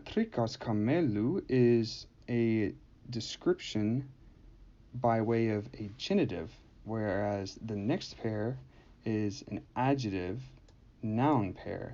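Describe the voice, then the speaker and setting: A man teaching Greek grammar in a measured, explanatory voice-over, pausing often with "uh". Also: on the low side, mellow, dull audio. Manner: measured, explanatory, with frequent "uh" pauses. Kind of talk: scripted lesson narration.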